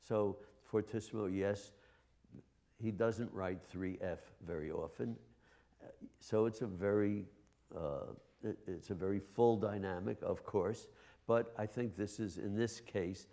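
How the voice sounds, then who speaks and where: A man teaching a live master class to a chamber ensemble, pausing often on filler sounds and singing the musical phrases with nonsense syllables. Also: fairly low pitch, creaky, mellow. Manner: halting, with frequent filler sounds.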